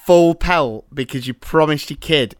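A man in his thirties tells an animated anecdote as a podcast host, his voice sitting a bit high for a man. The sound is dry and close, with hardly any room around it. He talks in a lively, conversational way. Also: measured pace, dry recording. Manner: animated storyteller. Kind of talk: casual chat. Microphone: remote call.

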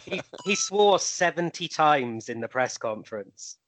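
A man's voice: on the high side, expressive, unhurried, fairly bright tone, slight background noise. A man on a chat panel, telling an anecdote with plenty of ums and hesitations. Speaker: panel guest.

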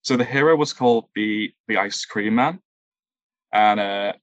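Halting man searching for words. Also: on the low side, no echo, lo-fi sound. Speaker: improv performer, guest. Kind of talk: casual interview answers.

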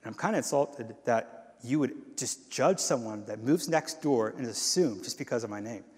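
A man's voice: medium pitch, moderate pace, breathy edge. A man giving a sermon as guest speaker, telling stories and acting out the voices in them. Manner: animated storytelling with quoted voices. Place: church hall. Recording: long hall reverb.

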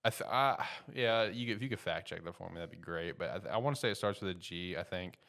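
A man casually recapping an anime episode, rambling with lots of fillers and getting animated as he retells scenes. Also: low-pitched, fast, gravelly.

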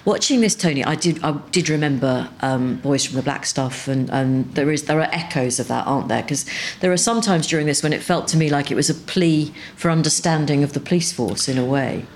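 A woman hosting a podcast interview, brisk and conversational, often interjecting. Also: low-pitched, a little mellow, a little hiss or hum. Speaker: podcast host.

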